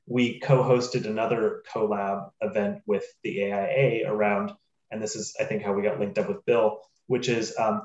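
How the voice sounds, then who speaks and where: Low flat-voiced man on a muffled call. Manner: measured, with many fillers and restarts. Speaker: panelist. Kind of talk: webinar panel discussion. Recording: roomy, muffled video call audio.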